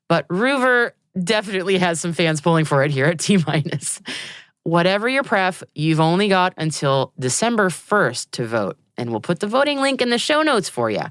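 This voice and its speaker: A woman's voice: mid-range voice, no echo. An American woman hosting a space news podcast on a studio mic, reading the news in an upbeat way with playful asides. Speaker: podcast host.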